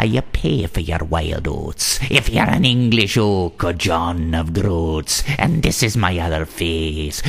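A man voicing a croaking, nasty old witch in a storybook tale. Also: sits low, a bit bright, heavily acted.

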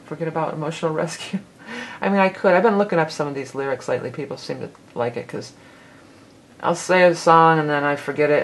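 A woman's voice: low voice, low-quality recording. A woman giving a casual tarot forecast, rambling and correcting herself as she goes, with the odd laugh. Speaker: tarot reader.

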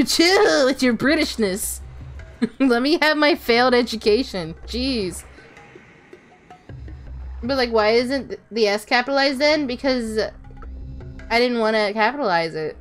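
A woman's voice: fairly high pitch, unhurried, long pauses, faint music behind. A woman VTuber streaming a game, chatting casually with her chat, answering questions and swearing offhand. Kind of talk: casual livestream chat while gaming.

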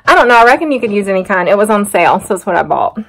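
A middle-aged woman with a drawl talks easily and at length, wandering off into side stories and poking fun at herself. She sounds at home and unhurried, like a farm vlogger chatting to her viewers. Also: mid-range voice, very animated, a bit bright. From North Carolina. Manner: chatty, rambling, self-teasing. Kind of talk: casual vlog chat to camera. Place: outdoors on a muddy farm, then a home kitchen.

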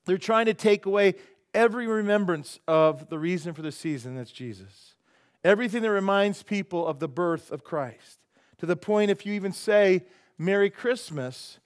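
High-voiced male pastor preaching. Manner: chatty, asks the crowd "how many know", preaches then prays softly. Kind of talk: sermon. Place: church service.

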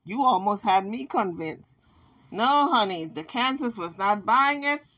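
A woman giving casual, sassy commentary, telling a story in an animated way and acting out the quotes. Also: mid-range voice, measured pace.

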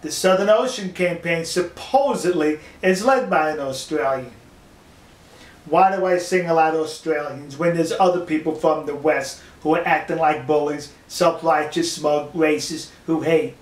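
Scornful older man with a high voice. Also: roomy sound. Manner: scornful, mocking, slow emphatic delivery. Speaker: commentary video host. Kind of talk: opinion monologue.

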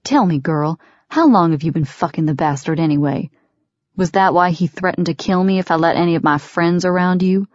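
A woman's voice: on the low side, fairly quick, no echo, lightly acted. A woman voicing a sneering, menacing father. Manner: sneering, contemptuous. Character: sneering, menacing middle-aged father, a fanatical villain. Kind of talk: audiobook character voice. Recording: dry, dull lo-fi recording.

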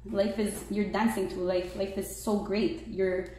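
A woman giving a casual tarot reading, chatty and excitable, peppering her talk with "like" and "right?". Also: mid-range voice, measured pace, slight background noise. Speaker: tarot reader. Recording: very echoey room.

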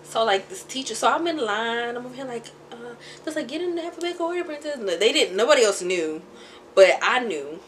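Slightly high, bright and animated, this young woman's voice carries a little hiss or hum at a normal pace. She's a beauty vlogger at home, rambling through stories and laughing a lot as she puts on makeup.

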